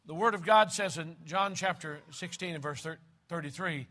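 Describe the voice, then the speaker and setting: A man's voice: a little high, normal speed, hardly any pauses, bright, forceful tone. An older man preaching a sermon, opening with an earnest prayer and then teaching from scripture with emphatic delivery.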